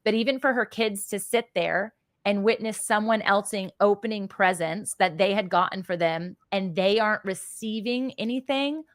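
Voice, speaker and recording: A woman's voice: medium pitch, normal speed, no echo, studio quality. A woman, a mother and podcast guest, telling a heartfelt personal story in a casual chat, earnest and effusive. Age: adult with children.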